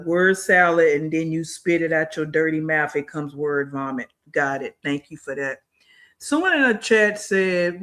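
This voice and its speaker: Blunt mocking man with a high voice. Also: fairly bright tone. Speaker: reaction video host. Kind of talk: commentary on played clips.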